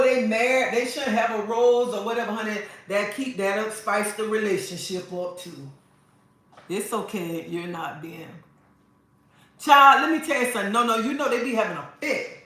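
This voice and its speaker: A woman's voice: medium pitch, expressive, normal speed, pauses often, sharp tone. A woman host chatting casually on a livestream, sassy and preachy, calling her viewers honey. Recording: echoey room, mic at a distance.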